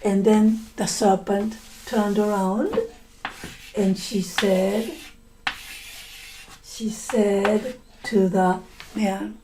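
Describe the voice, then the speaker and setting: A woman's voice: mid-range voice, fairly even intonation, very slow, pauses often, noisy background. A woman telling a folk tale to English learners, repeating and rephrasing lines and explaining words as she goes. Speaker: storyteller and English teacher.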